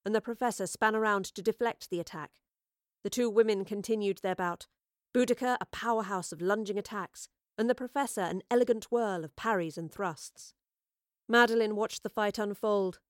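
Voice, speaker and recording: Expressive woman narrating a story, dry sound. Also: medium pitch, moderate pace, dry recording. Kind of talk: audiobook narration.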